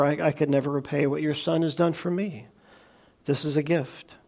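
Man preaching, earnest and soft-spoken. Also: on the high side. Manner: earnest storytelling, softening into hushed prayer. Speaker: pastor. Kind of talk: sermon illustration and closing prayer.

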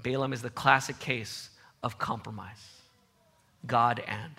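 A man preaching a sermon with emphatic repetition, his voice swinging from loud outbursts to soft low passages. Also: fairly even intonation, unhurried, slightly rough. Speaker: pastor.

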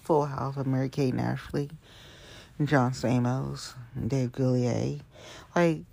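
Gravelly, husky rambling show host. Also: medium pitch, steady tone, a little slow. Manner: rambling, chatty, often drops to a hushed aside. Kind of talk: casual news chat. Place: Hamilton County area.

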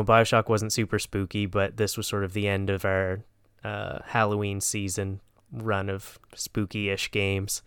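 Hesitant man with a smooth voice. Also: lowish voice, a bit bright, no echo, clean studio sound. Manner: hesitant, lots of ums and restarts. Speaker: podcast co-host. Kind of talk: casual podcast chat.

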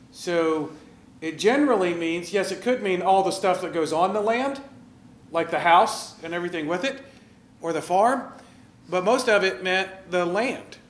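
A pastor delivers a sermon in a lively, conversational style, asking his listeners questions and directing slides. His voice sits high and sounds reverberant.

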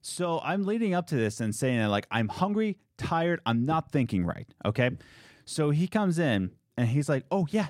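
A man's voice: medium pitch, no echo. Sarcastic guy ranting about a customer, voice jumps all over, dry close sound. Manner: animated, sarcastic, quotes people in put-on voices. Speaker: restaurant worker telling a story. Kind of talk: casual storytelling chat.

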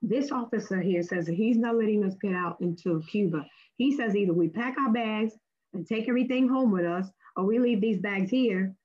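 A woman with a husky, slightly breathy voice tells a faith testimony like an animated storyteller. She leaps up in pitch whenever she acts out what someone said. The audio is a little muffled and lo-fi. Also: normal speed. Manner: acts out quoted speech with big pitch jumps. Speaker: guest sharing a testimony.

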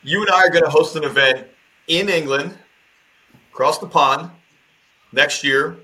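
A man's voice: fairly high pitch, unhurried, sharp tone, rough recording. An American man, a coach, talking casually and emphatically on a podcast as a guest. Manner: emphatic, motivational.

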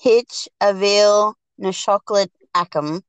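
A woman's voice: mid-range voice, smooth, dry recording, poor audio. A woman hosts a casual podcast chat, carefully sounding out new words and laughing along. The recording is close and dry, with no room sound. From North America. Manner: repeating words slowly, laughing often. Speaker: podcast host.

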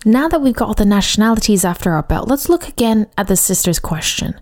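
A woman co-hosting a podcast language lesson, explaining clearly and saying example words slowly. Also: medium pitch, big pitch swings. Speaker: language teacher.

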